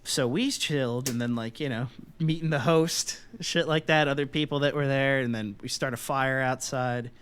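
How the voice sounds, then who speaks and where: A man's voice: medium pitch, steady tone, normal speed, a bit bright, smooth. A young man co-hosting a podcast, telling a long party story in a loose, profane way and acting out the voices of the people in it. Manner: loose and profane, acts out voices in his stories. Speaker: podcast co-host. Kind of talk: casual storytelling.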